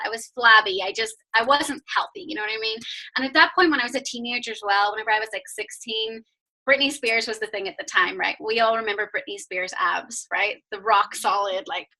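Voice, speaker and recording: A woman's voice: a little high, sharp tone, rough recording. A young woman from Northern Ireland with a mixed Belfast and Southern California accent, telling her story casually as a guest on a video call, chatty and laughing often. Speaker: guest fitness coach.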